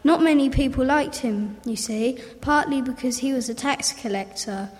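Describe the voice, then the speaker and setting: A woman reading a children's story aloud in a lively, repeating storybook manner. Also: high voice, moderate pace. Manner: lively, repetitive storybook phrasing. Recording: roomy hall reverb.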